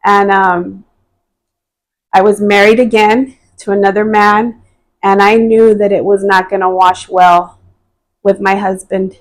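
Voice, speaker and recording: A woman's voice: mid-range voice, flat delivery, a little slow, rough recording. A woman telling her personal testimony as a podcast guest, speaking hesitantly and earnestly, with frequent fillers and restarts.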